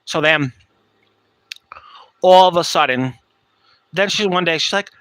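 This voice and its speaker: A man tells a rambling personal story on his podcast, blunt and profane. His voice is bright and a little high for a man, and he takes his time. The recording is dry and close to the mic. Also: measured pace, pauses often, dry recording. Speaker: podcast host. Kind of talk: casual storytelling monologue.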